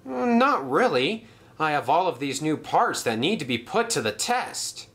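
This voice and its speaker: A man's voice: on the high side, big pitch swings, measured pace, fairly bright tone, full character voice. A man voicing a good-humoured male engine who speaks politely and with a chuckle. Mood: gracious.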